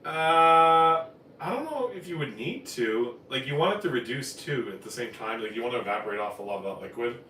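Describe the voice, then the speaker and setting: In a home kitchen, a man from Newfoundland, Canada, hosts a laid-back live cooking stream, chatty and rambling, often correcting himself. His medium-pitched voice has lively intonation and a sharp tone, and he talks a little fast. The sound is roomy and picked up from afar, low in quality with slight background noise.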